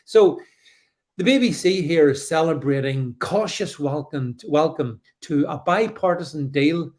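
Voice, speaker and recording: A middle-aged man from the UK hosting a live stream, reading viewer comments and reacting with sarcastic, animated commentary full of restarts. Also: fairly high pitch, a little slow.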